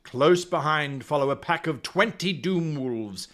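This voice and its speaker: Reading a solo gamebook on a live stream, a game master with a slightly high, somewhat bright and expressive voice keeps a measured pace. He chats with viewers and reads passages aloud in between.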